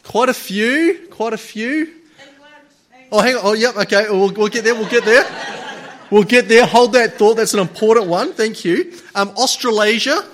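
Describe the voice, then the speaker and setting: A man lecturing a live group, chatty and playful with the audience, then slow and deliberate. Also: high voice, fairly bright tone.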